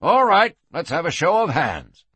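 A man's voice: on the high side, big pitch swings, a little slow, pushed and bright, husky, no echo, voice pushed up, heavily acted. A man voicing a proud town council leader in a western audiobook, hearty and declaiming.

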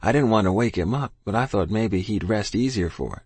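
A man's voice: on the low side, lively intonation, brisk, darkish tone, husky, no echo. A man narrating a first-person story in plain, folksy rural dialect, recorded close in a dry studio. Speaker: audiobook narrator.

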